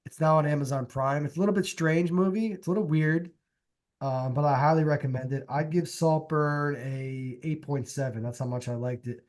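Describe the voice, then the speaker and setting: A young man co-hosting a podcast, chatting casually about movies and music in a relaxed, rambling way with plenty of fillers. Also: on the high side, normal speed. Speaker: podcast co-host. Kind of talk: casual chat.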